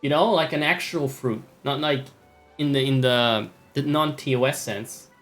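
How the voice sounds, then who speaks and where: A man talking over his gameplay in loose, rambling commentary full of jokey asides and self-mockery. His pitch sits in a middle range, and faint music plays under his voice. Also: fairly even intonation, unhurried, fairly bright tone. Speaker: streamer.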